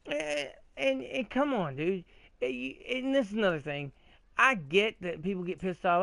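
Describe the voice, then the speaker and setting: A man hosting a gaming video, ranting in a rambling, profane, excitable way with frequent restarts while he plays. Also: high-pitched, moderate pace, vocal fry, dry recording. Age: adult, old enough to remember 80s cartoons. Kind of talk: casual rant while playing a game.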